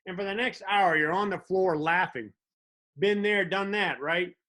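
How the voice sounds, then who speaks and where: A man's voice: sits high, measured pace, bright, forceful tone. A man hosting a comedic monologue, telling wry stories with little mock dialogues. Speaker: host.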